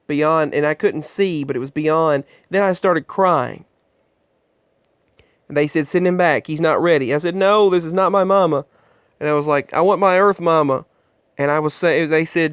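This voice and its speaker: A man telling his own story in a vlog, earnest and halting, often restarting his sentences, recorded on an earbud microphone indoors. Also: on the high side, clean tone, no room sound. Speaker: vlogger. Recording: muffled, dull sound.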